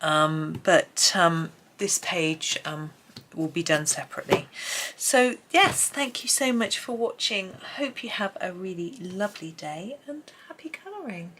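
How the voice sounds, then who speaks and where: A woman hosting a casual colouring tutorial at home, chatting and thinking aloud as she works, with frequent pauses and hesitations. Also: on the low side, animated, fairly bright tone, slight background noise. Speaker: colouring channel host. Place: home, at a desk with a tripod camera. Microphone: camera on a tripod.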